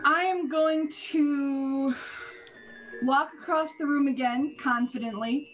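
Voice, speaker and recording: A woman playing a tabletop game, deliberate and amused. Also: sits high, steady tone, dull audio, soft background music. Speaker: player.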